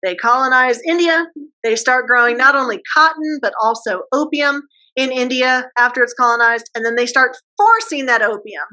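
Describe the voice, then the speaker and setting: A woman history teacher giving a casual classroom lecture, posing quick questions and using slang. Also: sits high, animated, sharp tone, rough recording.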